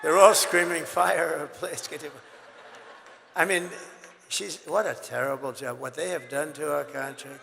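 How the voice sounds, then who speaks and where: An older man giving a rambling, boastful campaign rally speech, his voice hoarse and worn, swinging between loud shouts and low asides. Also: normal speed. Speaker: political candidate at a rally. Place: large rally venue. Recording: reverberant hall with crowd and faint noise.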